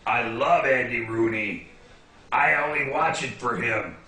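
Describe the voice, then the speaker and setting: A man's voice: medium pitch, unhurried, sharp tone. A man in his sixties telling rambling personal stories, blunt and profane, jumping from memory to memory. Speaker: interviewee. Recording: roomy echo.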